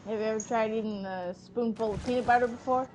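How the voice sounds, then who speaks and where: A tired woman gamer in casual voice chat, excitable and cursing loudly when things go wrong. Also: fairly high pitch, fast talker, slight background noise. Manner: excitable, swears loudly under pressure. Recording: game music in background.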